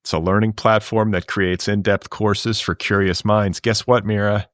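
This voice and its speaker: A man hosting a pop culture podcast, chatting casually and reading ads in a dry, deadpan way. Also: fairly low pitch, normal speed, no echo. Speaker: podcast host.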